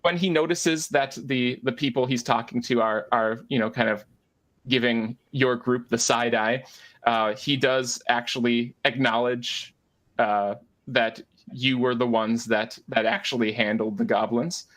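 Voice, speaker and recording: A man runs a tabletop role-playing game, describing the scene at a middling pitch. He hesitates often, restarting sentences and filling pauses as he narrates. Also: steady tone, fairly bright tone. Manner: hesitant, many fillers and restarts. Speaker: game master.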